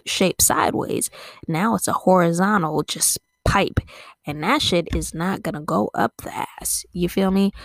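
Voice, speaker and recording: A woman's voice: lowish voice, gravelly, no room sound, studio quality. A woman podcast host riffing casually in a profane, rambling, playful comedic style.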